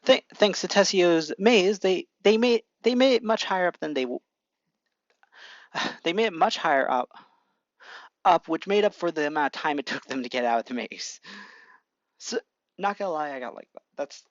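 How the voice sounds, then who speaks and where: An amateur fan-fiction narrator who rambles, restarts sentences often and clears their throat. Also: medium pitch, animated, moderate pace, pauses often, no room sound, muffled recording. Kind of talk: casual fan-fiction reading.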